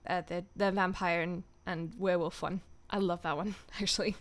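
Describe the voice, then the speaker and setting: A woman's voice: fairly low pitch, steady tone, normal speed. A young woman, a voice actor, chatting casually on a home stream in a playful, rambling way with giggly asides.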